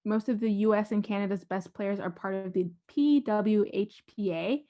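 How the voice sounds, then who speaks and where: A woman's voice: mid-range voice, warm tone. Chatty woman podcast co-host, lo-fi. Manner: chatty, reads facts carefully and slowly. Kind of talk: casual sports chat.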